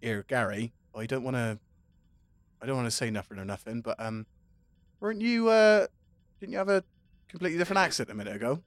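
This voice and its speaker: A man's voice: mid-range voice, fast, a bit bright, no echo. A man playing in a tabletop game, who teases the others cheekily in character. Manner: cheeky, teasing. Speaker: player.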